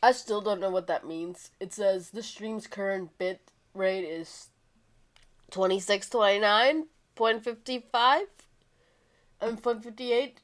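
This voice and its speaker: Woman gamer on stream, voice kinda hoarse from a cold, mid pitch, lots of um and like, talks into a streaming mic. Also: takes it slowly. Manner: rambling, lots of fillers and restarts. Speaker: gaming streamer. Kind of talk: casual livestream chat. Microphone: streaming microphone.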